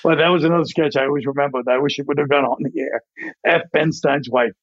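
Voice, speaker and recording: A male comedian guest in a casual interview, telling rambling, animated stories and acting out voices as he goes. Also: fairly high pitch, fast, dry recording, dull audio. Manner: rambling, animated storyteller who acts out voices.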